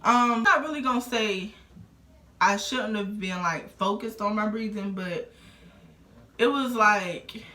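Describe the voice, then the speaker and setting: A woman's voice: medium pitch, a little slow, pushed and bright. A young adult woman vlogging a casual storytime, rambling along with lots of fillers. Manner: rambling, filler-heavy, conversational. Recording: roomy echo.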